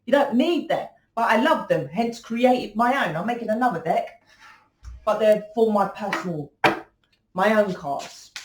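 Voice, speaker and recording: A woman's voice: mid-range voice, a little mellow, a little hiss or hum. A woman giving a blunt, confrontational tarot reading, swearing freely and lecturing the listener. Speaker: tarot reader. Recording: echoey room.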